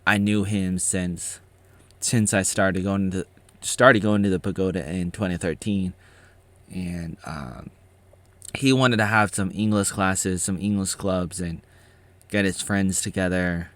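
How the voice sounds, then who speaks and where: Deep-voiced rambling man. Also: steady tone, a little slow, a bit bright, dry recording. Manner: rambling, with frequent restarts. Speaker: vlogger reacting to his own documentary. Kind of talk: casual reaction commentary.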